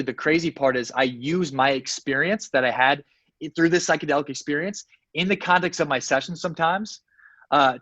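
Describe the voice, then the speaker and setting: A man's voice: medium pitch, fairly bright tone, no room sound, muffled recording. Earnest man telling a personal story. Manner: earnest, many fillers and restarts, acts out quoted dialogue. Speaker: guest, success coach. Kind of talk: interview storytelling.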